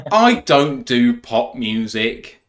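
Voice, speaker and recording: A man's voice: medium pitch, very animated, extremely slow. Young British male co-host, giddy and chatty, lots of laughter. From England. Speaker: podcast co-host. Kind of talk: casual chat.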